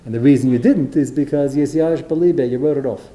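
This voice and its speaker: A man delivering a Torah lecture, telling stories with animated, acted-out quotes. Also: medium pitch, fairly quick. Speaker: rabbi. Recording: roomy echo.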